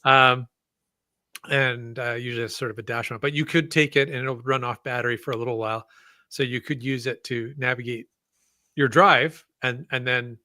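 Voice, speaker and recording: Upbeat man with a bright voice. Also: mid-range voice, steady tone, normal speed, dry recording, clean studio sound. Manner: upbeat, chuckling. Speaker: podcast co-host. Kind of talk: casual chat.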